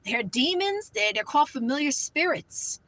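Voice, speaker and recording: A woman's voice: high-pitched, sing-song, moderate pace, a bit bright, no room sound, rough recording. A woman speaking fervently about faith and spirits, warning listeners with many "you know" fillers. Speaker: Christian vlogger. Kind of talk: earnest religious talk.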